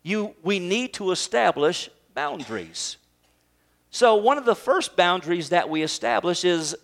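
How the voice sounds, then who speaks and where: A man's voice: sits high, sing-song, measured pace, fairly bright tone. A man preaching a sermon in a conversational, joking way, often laughing and asking rhetorical questions.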